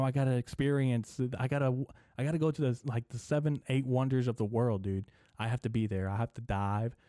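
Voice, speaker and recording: A young man hosting a comedy podcast, rambling through a profane, deadpan monologue full of filler words. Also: medium pitch, no echo, studio quality. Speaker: podcast host.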